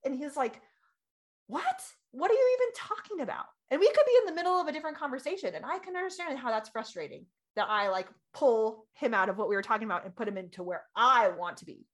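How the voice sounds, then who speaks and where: A woman in her thirties chatting casually as a podcast co-host, animated and laughing, acting out quoted voices. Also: on the high side, fast, few pauses. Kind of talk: casual chat.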